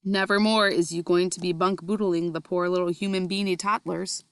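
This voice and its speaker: An excitable, gentle male giant from a storybook, tumbling over jumbled, ungrammatical words, as a woman reads him aloud. His voice carries a gravelly edge, heard dry and close. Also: lowish voice, moderate pace, dry recording, close to an everyday voice. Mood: explaining.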